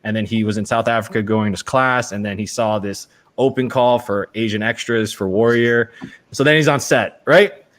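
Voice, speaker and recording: A man's voice: lowish voice, moderate pace, fairly bright tone. Man telling a loose, filler-heavy anecdote on a talk show. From United States. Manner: rambling, storytelling with many fillers. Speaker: actor guest. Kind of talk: casual chat.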